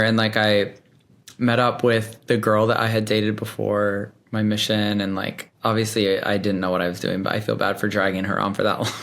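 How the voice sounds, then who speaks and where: Young guy on a podcast, lowish voice, rambling and chatty w lots of likes. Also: a bit bright. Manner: chatty, many fillers, laughs often. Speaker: podcast guest. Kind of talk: casual storytelling.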